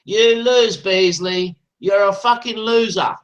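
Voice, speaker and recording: A man's voice: high-pitched, slow, a bit bright, dull audio. A man in a heated online voice chat, taunting aggressively and swearing constantly. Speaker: voice chat participant.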